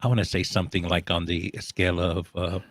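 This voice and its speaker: A man chatting casually on a talk show, telling animated stories with frequent restarts and laughs. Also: low-pitched, brisk, dry recording. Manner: animated storyteller, laughs often, many restarts. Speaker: co-host of a social media talk show. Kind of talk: casual chat.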